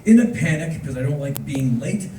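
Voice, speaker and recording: American guy doing a wry spoken word story, high lively voice, roomy echo from the crowd. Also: normal speed, a little hiss or hum. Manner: animated, wry, punchy delivery. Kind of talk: live storytelling on stage. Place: concert venue on stage. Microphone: recorded from the audience. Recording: echoey distant audience recording.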